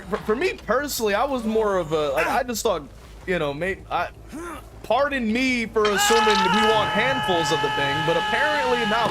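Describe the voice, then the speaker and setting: Over loud game music, a young man with a high-pitched voice gives casual live-stream commentary full of slang, frequent swearing and plenty of laughter. The recording is very noisy.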